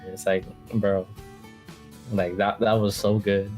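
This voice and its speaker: Deep-voiced, laid-back man. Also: flat delivery, slow pace, a little mellow, soft background music. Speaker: podcast co-host. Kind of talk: casual fan discussion.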